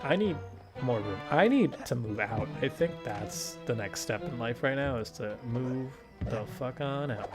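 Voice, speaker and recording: A man's voice: mid-range voice, expressive, unhurried. Young man rambling with laughs over game music. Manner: rambling anecdotes, swearing, frequent laughter. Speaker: gaming channel host. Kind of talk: casual chat over gameplay.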